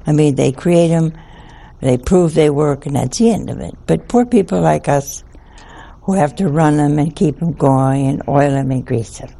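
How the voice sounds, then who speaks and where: An older nun speaks in a slow, unhurried storytelling voice. Her tone is gravelly and a bit husky, with a dark, mellow color. She delivers a homely, humorous anecdote in a folksy way. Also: deep voice.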